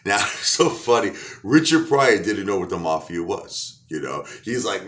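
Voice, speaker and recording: A man vlogging, casually telling a story with animated asides and frequent laughter. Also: low voice, normal speed, hardly any pauses. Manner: animated, laughing often, self-correcting asides.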